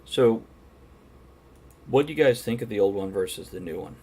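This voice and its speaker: A man hosting a casual chat show, joking and steering the talk. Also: a little hiss or hum. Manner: joking, quick-fire banter with lively pitch. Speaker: podcast host.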